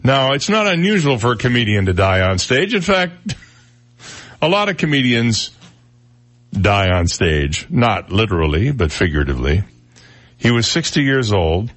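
A man's voice: medium pitch, very animated, normal speed, fairly bright tone. A man hosting a radio talk show in a studio, chatting casually and chuckling at his own jokes. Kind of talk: casual on-air chat. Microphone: studio microphone.

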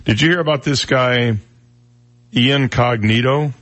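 A man's voice: medium pitch, measured pace, a bit bright. A man hosting a radio talk show in a studio, chatting casually and chuckling at his own jokes. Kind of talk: casual on-air chat. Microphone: studio microphone.

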